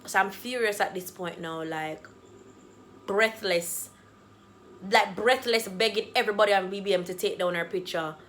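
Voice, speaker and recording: A woman's voice: medium pitch, normal speed, fairly bright tone. A woman, vlogging a personal story with dramatic swings and acted-out dialogue. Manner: acts out quoted dialogue. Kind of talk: storytime vlog.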